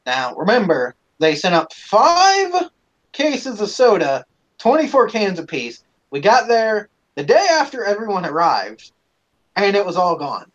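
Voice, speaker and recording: A man's voice: high voice, huge pitch swings, unhurried, fairly bright tone, dull audio. Profane man telling a rambling story. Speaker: live-stream host. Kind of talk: casual storytelling.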